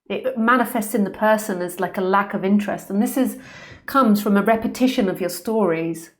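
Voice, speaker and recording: Earnest woman giving a spiritual talk. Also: mid-range voice. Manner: earnest, searching, with pauses and ums. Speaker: spiritual teacher. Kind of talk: live-streamed spiritual talk. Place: room at home.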